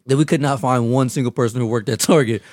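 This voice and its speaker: A man's voice: mid-range voice, quick pace, darkish tone, dry recording, studio quality. A young man in his twenties telling a casual story on a podcast, laughing and swearing often. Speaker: podcast host. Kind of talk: casual chat.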